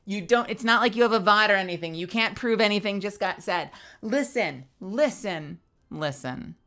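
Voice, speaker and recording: A woman's voice: medium pitch, lively intonation, moderate pace, pushed and bright. A young woman streamer with a tired, strained voice, chatting animatedly, laughing and swearing freely. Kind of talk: casual stream outro chat.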